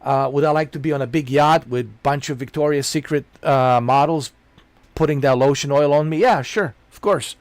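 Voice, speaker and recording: A streamer chatting casually, ranting in a rambling, blunt and profane way and repeating himself. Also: male voice, fairly high pitch, moderate pace, no echo.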